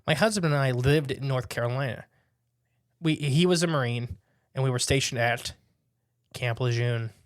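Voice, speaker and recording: A man's voice: mid-range voice, moderate pace, pauses often, no room sound, studio quality. A young man hosting a casual podcast, telling stories with animation and reading listener accounts aloud. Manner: animated storyteller, laughs while telling. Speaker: podcast host.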